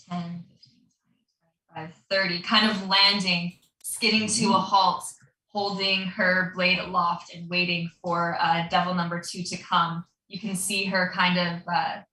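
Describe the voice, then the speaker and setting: A woman's voice: on the low side, bright, forceful tone, reverberant, distant mic, poor audio. A woman running a tabletop game as dungeon master, narrating the action loosely with plenty of fillers.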